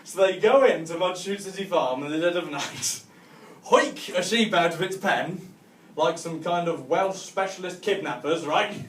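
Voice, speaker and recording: A man's voice: high voice, unhurried, roomy sound, recorded from a distance. A man from Cumbria telling a rambling stand-up story to a live audience, laughing at his own jokes and tagging lines with "right?". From northwest England (Cumbria). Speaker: stand-up comedian. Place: hotel function room, live audience.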